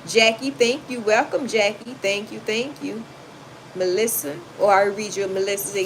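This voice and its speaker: A woman's voice: mid-range voice, expressive, moderate pace. A woman, hosting a casual livestream, reading chat comments aloud and giving blunt, sassy advice. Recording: noisy home recording.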